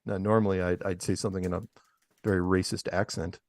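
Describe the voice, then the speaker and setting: Speaking fast in a low voice with little pitch movement, a man co-hosts a talk show, reading out news items and ridiculing them sarcastically. It's casual commentary on news clips, recorded with no room sound.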